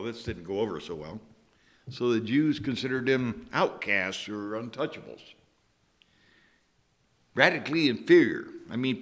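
Male preacher, animated intonation, chatty storyteller with asides. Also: medium pitch. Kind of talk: sermon.

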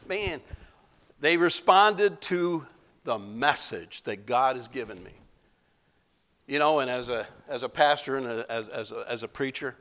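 A man preaching a sermon as pastor, animated, acting out quoted voices with big jumps in pitch.

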